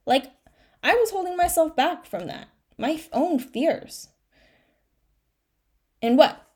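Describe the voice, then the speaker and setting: A woman's voice: high voice, animated, slow, darkish tone. A young woman hosting a solo podcast, talking candidly and emotionally about her struggles, encouraging herself and her listeners, often tearful. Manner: candid, self-encouraging, with frequent fillers and restarts. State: tearful at times. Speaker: podcast host.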